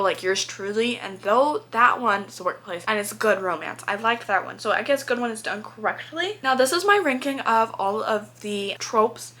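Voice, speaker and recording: A woman's voice: medium pitch, pushed and bright. Chatty young woman gushing over books. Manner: chatty, opinionated, playful, gushing. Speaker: book vlogger. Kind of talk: casual opinionated chat.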